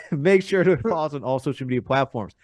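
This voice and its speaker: Young host wrapping up a sports podcast, brisk and upbeat, fast delivery, dry mic. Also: male voice, medium pitch, lively intonation, a little mellow, no echo. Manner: brisk, upbeat show announcements. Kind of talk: podcast sign-off and promotion.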